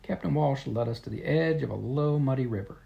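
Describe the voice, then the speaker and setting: A man's voice: mid-range voice, a little fast, vocal fry, dark tone, slightly rough, highs cut off. A man reading a children's story told in letters, in plain, friendly storytelling. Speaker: storybook reader.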